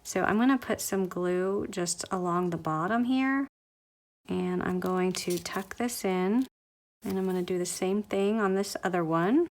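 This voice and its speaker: A woman's voice: mid-range voice, measured pace. A woman walking through a paper craft project step by step in a chatty tutorial, often gushing about how cute it turns out. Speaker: craft demonstrator.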